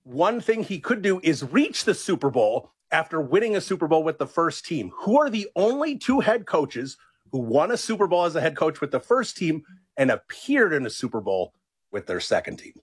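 A man's voice: fairly high pitch, big pitch swings, normal speed, husky. A man who is a radio show's producer, out of breath and upbeat as he reads a trivia question. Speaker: executive producer, trivia segment. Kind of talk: casual sports talk radio.

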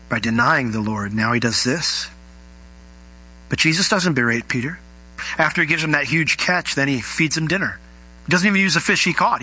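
A middle-aged man preaching a sermon, telling stories and acting out the people in them with big jumps in pitch. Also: husky, rough recording. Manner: animated storytelling, acting out quoted voices with big pitch jumps. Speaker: pastor.

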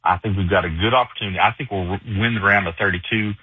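A deep, husky man from Arkansas calls in to a sports radio show. He speaks over a tinny phone line with a dry sound. He repeats himself as he works his way through his thoughts. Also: steady tone, no room sound. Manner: halting, repeats words while thinking. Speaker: caller. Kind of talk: casual call-in sports chat.

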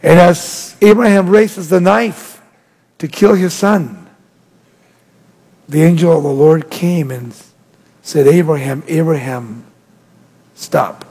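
High-voiced preaching man, husky, in a reverberant hall. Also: slow, long pauses, mellow. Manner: emphatic preaching with rising and falling delivery. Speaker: pastor. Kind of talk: sermon.

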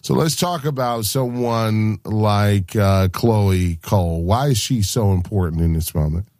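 A man's voice: lowish voice, a little slow, darkish tone, no room sound, studio quality. A man hosting a talk radio interview, speaking with passion and fire. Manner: fired up, passionate.

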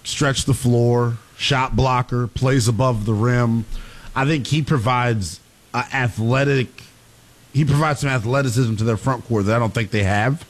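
A male co-host on a sports radio show, working through his thoughts in a measured way with plenty of hesitations. His voice sits at a middle pitch. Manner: measured, filler-heavy. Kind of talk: casual sports talk.

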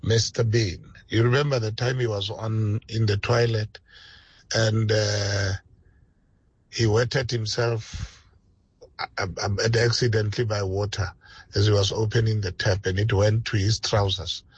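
A man's voice: lowish voice, little pitch movement, breathy edge. A man, calling in to a radio show and chuckling through a story. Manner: slow, chuckling. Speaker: caller. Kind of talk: phone-in anecdote. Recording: muffled phone line.

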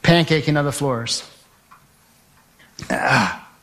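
A middle-aged man telling a gripping story from the stage, acting out his own shouts and quick asides. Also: mid-range voice, a little hiss or hum. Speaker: speaker giving a testimony. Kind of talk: live testimony talk.

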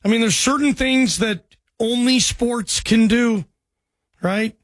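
A man's voice: very high-pitched, slow, dry recording. A man hosting a sports radio call-in show, thanking callers and chatting in a friendly way.

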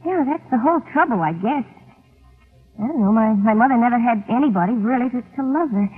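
An actress playing a gentle, scared young working woman who stammers and hesitates, in 1940s radio acting. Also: on the high side, expressive, brisk, breathy edge. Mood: hesitant. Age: young adult. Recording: tinny old radio broadcast, faint music.

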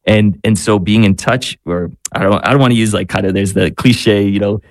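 A man's voice: on the low side, fairly even intonation, moderate pace, no room sound, clean studio sound. A man, a priest serving as spiritual director on a radio show, speaking reflectively and searching for words. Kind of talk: radio talk show discussion.

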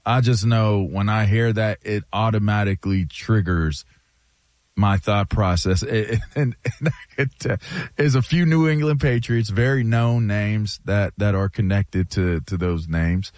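A man co-hosting sports talk radio, his voice very deep and low. He is playful and stubborn, drawing out words for emphasis, in a dry studio sound with no room echo. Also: unhurried, darkish tone. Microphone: studio microphone.

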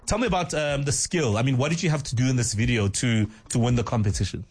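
A man's voice: mid-range voice, fast talker, slightly rough. A young adult man hosting a casual interview, upbeat and encouraging, laughing often. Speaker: radio host.

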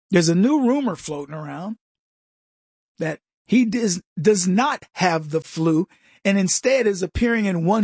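A man hosting a casual political commentary monologue, mocking and chuckling with lively asides. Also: sits high, husky, no room sound, clean studio sound.

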